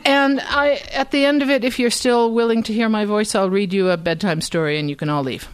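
A woman author talking casually to a live bookstore audience, wry and halting, with stammered restarts and frequent ums. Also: medium pitch, clean tone, no room sound. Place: bookstore event.

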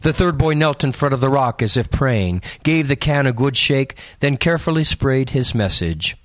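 Guy narrating a creepy audiobook, slow suspense, dry close sound. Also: mid-range voice, expressive, dry recording. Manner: measured, suspenseful reading.

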